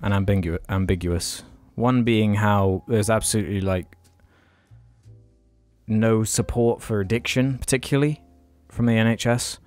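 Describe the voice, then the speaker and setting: A man's voice: on the low side, moderate pace, darkish tone, soft background music. A man co-hosting a podcast, telling a story in casual chat, frank and sweary, with many restarts. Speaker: podcast co-host.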